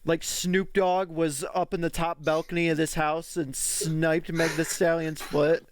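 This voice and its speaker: A man's voice: fairly high pitch, little pitch movement, measured pace, a little hiss or hum. A man co-hosting a podcast, chatting casually and telling loose, profane stories full of filler words. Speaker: podcast co-host. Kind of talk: casual chat.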